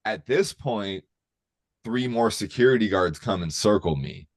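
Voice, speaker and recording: Deep-voiced man telling a profane story. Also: lively intonation, unhurried. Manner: profane, rambling, full of fillers. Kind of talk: casual storytelling.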